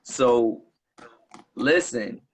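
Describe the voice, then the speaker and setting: Male interview host, supportive and affirming, average pitch. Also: drawn-out words. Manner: encouraging, frequent affirmations. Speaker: interview host, company CEO. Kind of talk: casual interview chat.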